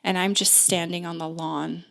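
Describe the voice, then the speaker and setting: A woman in her thirties telling a personal story as a podcast guest, unhurried and full of "like" fillers and restarts. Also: lowish voice, level tone, vocal fry, fairly bright tone.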